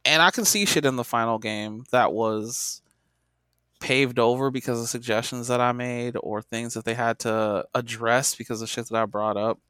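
A man's voice: medium pitch, steady tone, moderate pace, sharp tone, clean tone, dry recording, studio quality. A man co-hosting a podcast in casual chat, loose and profane, with plenty of fillers and restarts. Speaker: podcast co-host, former game tester.

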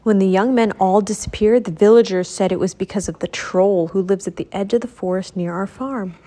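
A woman voicing a worried, kind old farm woman in a storybook reading, speaking slowly and gently. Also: mid-range voice, steady tone, close to an everyday voice. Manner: slow, gentle, sad.

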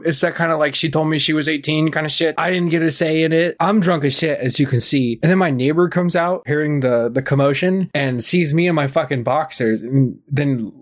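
A man's voice: on the high side, fairly quick, few pauses. A young man on a podcast panel, telling friends a story casually, sarcastic and profane, acting out each quoted line.

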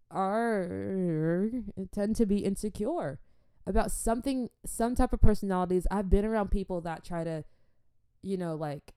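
A woman vlogger in casual chat with her viewers, animated and chatty, dropping churchy exclamations. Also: mid-range voice, clean tone, no echo, clean studio sound.

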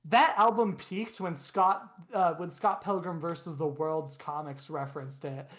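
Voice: medium pitch, steady tone, unhurried. Blunt, opinionated young podcast co-host. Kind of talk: casual podcast chat.

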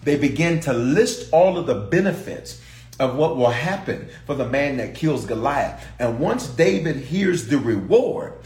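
A man's voice: medium pitch, animated, unhurried, a little mellow, roomy sound. A pastor preaching a sermon to his congregation and online viewers, repeating phrases for emphasis and calling on listeners to respond.

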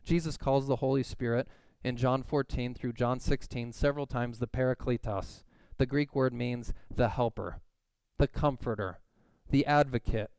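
A man delivers a sermon in a clear, resonant voice at an ordinary pitch. He tells stories with energy and acts out the people in them. The sound is close and dry. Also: moderate pace, dry recording. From California. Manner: animated storytelling, acts out quoted voices. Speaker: pastor. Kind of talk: sermon with personal story.

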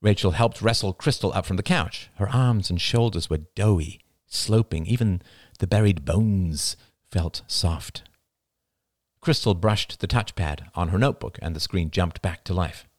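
A man narrating an audiobook in an expressive, scripted style. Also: sits low, unhurried, no echo, studio quality.

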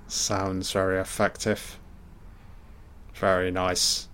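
Slow-talking man commenting on a film. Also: on the low side. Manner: relaxed, sweary, muttering asides. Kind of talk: casual film reaction commentary.

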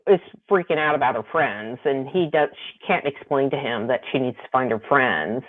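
A woman co-hosting a casual book discussion podcast, animated, laughing often and reading quotes aloud. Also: rumbling low, normal speed. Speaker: podcast co-host. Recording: tinny phone-like line.

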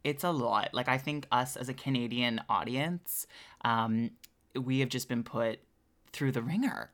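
Bright-voiced woman podcast co-host. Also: rumbling low, a little slow. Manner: upbeat, leads the conversation. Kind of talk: casual chat.

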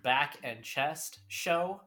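Bright-voiced joking podcast co-host. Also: medium pitch, animated, very slow. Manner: joking, mock-bragging. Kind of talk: casual chat.

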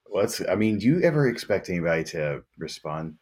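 A man hosts a casual podcast in a notably deep voice. He talks in a laid-back, dry way and teases his co-host with a straight delivery. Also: sing-song, fairly quick, a little mellow, husky. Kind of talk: casual chat.

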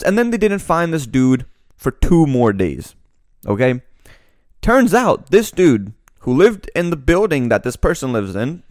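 A man's voice: mid-range voice, dry recording, studio quality. A young man co-hosting a podcast in casual chat, telling a story with acted-out quotes and casual swearing. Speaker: podcast co-host.

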